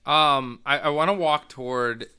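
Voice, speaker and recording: A man's voice: medium pitch, a little slow, pushed and bright, smooth. A man playing in a casual tabletop game, eagerly describing his character's actions and giggling. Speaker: player.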